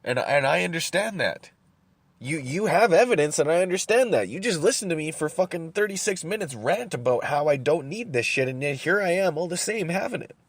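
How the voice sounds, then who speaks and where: A man's voice: on the high side, lively intonation, a little fast, husky, dry recording. A man hosting a solo podcast, ranting in a rambling, profane way, often repeating words as he thinks, while he smokes and drinks coffee. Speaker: podcast host. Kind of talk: solo rant.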